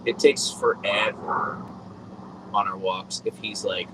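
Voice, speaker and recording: A man with a lowish voice hosts a relaxed live stream, speaking into a boom mic. He rambles in a friendly, easygoing way, full of ums and likes. A faint hum sits behind him. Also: unhurried. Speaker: livestream host. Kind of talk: casual live-stream chat.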